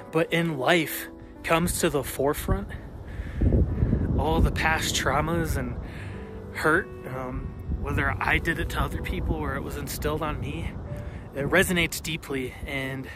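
A man's voice: a little high, fairly even intonation. Tearful young man on a mountaintop. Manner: halting, open, with many fillers and restarts. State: choked up, near tears. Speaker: hiker vlogger. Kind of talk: emotional summit vlog. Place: outdoors on a mountain summit. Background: loud background music.

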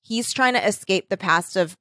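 A woman's voice: mid-range voice, normal speed, a bit bright, dry recording. Giggly woman on a dry mic. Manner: giggly, rambling retelling with many fillers. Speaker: podcast co-host. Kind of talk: casual chat.

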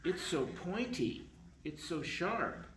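A man's voice: sits high, very animated, slow pace, roomy sound, noisy background, pitched above the performer's own voice, exaggerated voice. A man voicing a young boy vampire who is proud of his fangs, in an earnest, childlike read-aloud voice.

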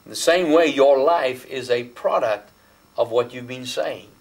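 A man with an Australian accent preaching a sermon as host, stressing key words by slowing down and guiding listeners to underline verses in their Bibles. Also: medium pitch, low-quality recording. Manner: talks the listener through marking up the Bible. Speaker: pastor.

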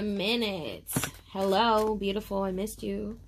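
Chatty, animated woman reading tarot. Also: lowish voice, normal speed, noisy background. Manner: animated, calls viewers baby and honey; chatty, sure of herself. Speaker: tarot reader. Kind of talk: casual tarot reading video.

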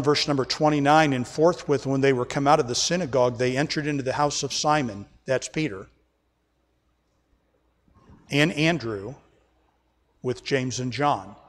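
A man's voice: mid-range voice, big-room sound. A man preaching an emphatic sermon as pastor, often calling the congregation folks, recorded during a church service. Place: church sanctuary.

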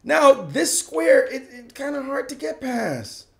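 A man's voice: very high-pitched, very animated, slow pace, creaky, fairly bright tone. A man analyzing a chess game in a playful, slangy way, laughing often as he goes. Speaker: chess commentator.

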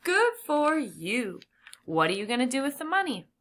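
A woman's voice: fairly high pitch, big pitch swings, quick pace, fairly bright tone, pitched above the performer's own voice. A woman voicing a jovial, kindly town doctor in a storybook, hearty and pleased. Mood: delighted.

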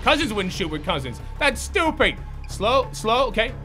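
A high-voiced young man commentating his own basketball video game match. His bright voice jumps wildly between low, tense self-talk and shrill, cursing yells. Soft background music plays under him. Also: big pitch swings, normal speed. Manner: swings from muttered self-coaching to shouted profane outbursts. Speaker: gaming YouTuber. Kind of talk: live gameplay commentary.

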